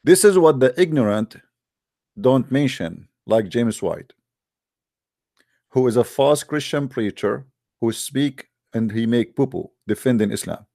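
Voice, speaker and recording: A man's voice: mid-range voice, lively intonation, a little slow, vocal fry, warm tone. Emphatic man firing rhetorical questions. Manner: addresses the audience directly as guys; non-native grammar with repeated restarts. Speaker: religious debate speaker. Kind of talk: polemical online talk.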